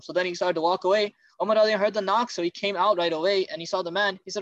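A man's voice: high-pitched, steady tone, very fast, few pauses, a bit bright, no room sound, muffled recording. A man preaching a sermon on marriage, earnest and driven by urgent rhetorical questions.

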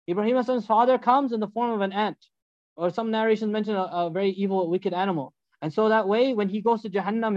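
A man giving a storytelling sermon as a religious teacher, animated and acting out the dialogues. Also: sits high, no echo, dull audio.

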